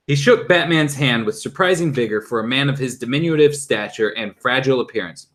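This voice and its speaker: A man's voice: medium pitch, moderate pace, hardly any pauses. A young adult man casually reading a chapter book aloud, stumbling now and then over the words. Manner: lively, stumbles and laughs at own slips. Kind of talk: casual read-aloud narration.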